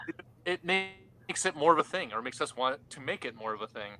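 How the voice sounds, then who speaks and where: A man co-hosting a casual online chat over a video call, joking and telling stories in an animated way. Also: fairly high pitch, moderate pace, poor audio. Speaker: co-host. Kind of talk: casual banter.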